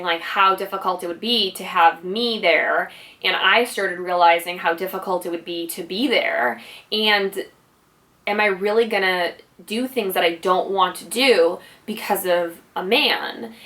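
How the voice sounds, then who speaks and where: A woman's voice: medium pitch, fairly bright tone. A woman vlogger telling a personal story in a casual, rambling way, full of "like" and "you know". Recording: voice slightly distant from mic.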